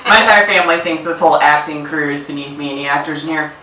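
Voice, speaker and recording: A woman's voice: low-pitched, steady tone, very fast, slight background noise. A young adult woman from Washington state doing a stand-up comedy set in a club, with dry punchlines and voices for the people in her stories. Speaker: stand-up comic. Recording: roomy club, distant mic, loud laughter. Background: loud audience laughter.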